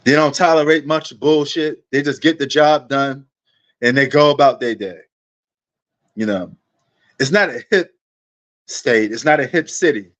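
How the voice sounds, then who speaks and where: A man's voice: mid-range voice, a little slow, long pauses, fairly bright tone, dull audio. A man hosting a sports livestream, rambling in a laid-back, casual way and talking straight to his viewers.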